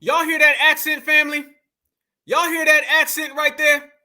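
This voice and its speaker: A man's voice: very high-pitched, little pitch movement, normal speed, pushed and bright. A man hosting an online commentary, talking preachily and addressing viewers as family. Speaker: commentary host.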